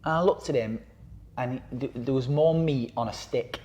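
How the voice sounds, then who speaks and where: At a moderate pace and medium pitch, a man who campaigns against knife crime talks casually as a guest on a podcast. He rambles, using fillers and starting sentences over. When quoting others, he acts the lines out in voices like an animated storyteller.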